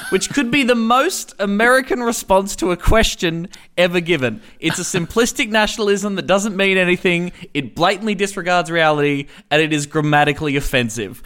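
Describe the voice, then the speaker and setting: A man's voice: high voice, lively intonation, a little fast, fairly bright tone. A man hosting a comedy podcast, delivering punchy, sardonic riffs. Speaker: host. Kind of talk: comic podcast monologue.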